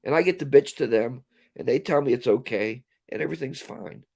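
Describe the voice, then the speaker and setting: A man's voice: mid-range voice, fairly quick, gravelly, darkish tone, husky. A man hosting a casual livestream, ranting and reading viewer comments aloud. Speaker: livestream host.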